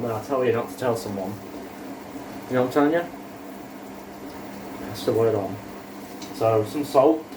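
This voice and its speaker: A young man with an ordinary mid-range voice walks through a recipe in dry, rambling banter, swearing as he goes. His voice echoes in a kitchen some distance from the mic, with noise humming underneath. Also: mid-range voice. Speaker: co-host cooking. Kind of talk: casual cooking chat. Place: home kitchen.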